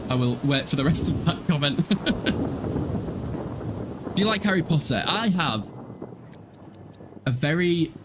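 A man's voice: mid-range voice, background noise. Chatty laughing man from Hull. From Hull, East Yorkshire, England. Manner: chatty, laughs often, swears casually. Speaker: gaming livestreamer. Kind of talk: casual gameplay livestream chat.

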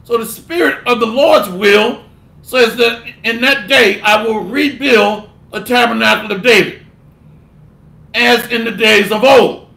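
A man's voice: extremely high pitch, unhurried, creaky, pushed and bright. A man preaching a scolding sermon, delivering a fiery rebuke and mocking others with put-on voices. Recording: echoey room.

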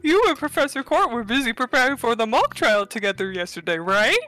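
A woman's voice: on the high side, expressive, a little fast, pushed and bright. A woman voicing an earnest young female defense attorney, questioning a witness. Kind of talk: voicing game dialogue on a stream.

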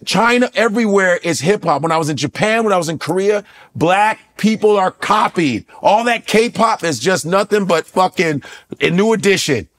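A middle-aged comedian from the United States, telling stories as a podcast guest with loud, profane energy. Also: male voice, high voice, lively intonation, moderate pace. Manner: profane, loud, jumps into impressions. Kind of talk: animated comedic storytelling. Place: podcast studio.

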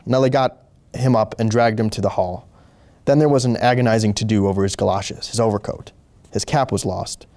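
A man reading a short story aloud as host, slow and deliberate with occasional small slips. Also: on the low side, dark tone. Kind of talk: measured story narration.

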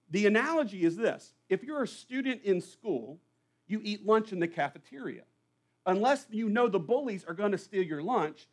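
A man preaching a sermon to a church congregation, conversational and full of rhetorical questions. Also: sits high. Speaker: pastor. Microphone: live church recording.

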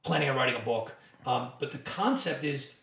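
A company co-founder appears as a podcast guest, talking in an energetic conversational interview with an emphatic, persuasive manner and acting out quoted dialogue. His medium-pitched voice moves a little fast, with vocal fry and a fairly bright tone. The mic sits at a distance in an echoey room.

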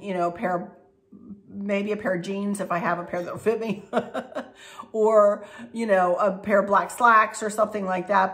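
A woman's voice: mid-range voice, a bit bright. A middle-aged woman, chatting to her viewers in a folksy way and laughing often. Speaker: craft and decor vlogger. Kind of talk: casual chat to viewers.

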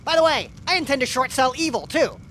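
A man playing a boastful male Wall Street banker in a comedy sketch, punctuating his lines with shouted catchphrases. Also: extremely high pitch, lively intonation, brisk, slight background noise, full character voice. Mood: gloating.

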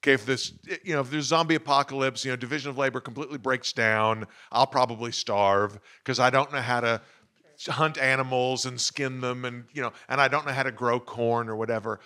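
A man's voice: mid-range voice, fairly even intonation, a little fast, sharp tone. A middle-aged man on a faculty panel, making points through joking personal stories. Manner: jokey, conversational, illustrates with personal stories. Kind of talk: panel talk with everyday anecdotes. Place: lecture room at an institute.

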